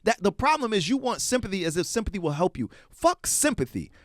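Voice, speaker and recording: A man's voice: high-pitched, very animated, fairly quick, no room sound, studio quality. A man co-hosting a podcast, arguing in a heated, profane, rhetorical way. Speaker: podcast co-host. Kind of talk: heated casual discussion.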